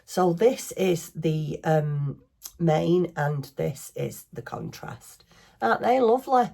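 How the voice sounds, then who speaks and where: Middle-aged Northern English woman, craft vlogger, low and husky, rambling self-deprecating chat. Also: animated, takes it slowly, mellow. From northwest England.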